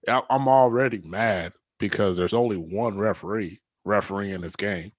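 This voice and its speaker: A man, a youth basketball coach, telling stories in casual chat, animated and laughing often as he acts out quotes. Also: fairly low pitch, moderate pace, no room sound.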